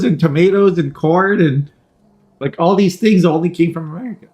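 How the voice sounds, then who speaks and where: A man casually commentating a card game tournament over a headset, joking and rambling, often clearing his throat. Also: a little high, normal speed, darkish tone. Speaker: tournament caster.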